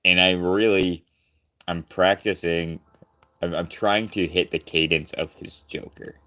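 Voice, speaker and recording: Deep-voiced goofy male streamer. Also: steady tone, unhurried, bright, forceful tone. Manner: goofy, rambling, laughs often, tries out character voices. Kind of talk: casual live-stream chat.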